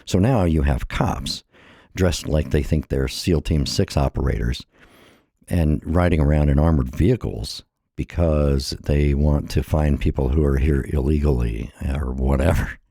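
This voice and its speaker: Middle-aged man from the States, dark husky bass, a bit breathless, impassioned solo vlog rant. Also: a little slow, no room sound, clean studio sound. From United States. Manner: earnest, impassioned, repeats phrases. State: a little out of breath. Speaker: vlogger. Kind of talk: personal monologue.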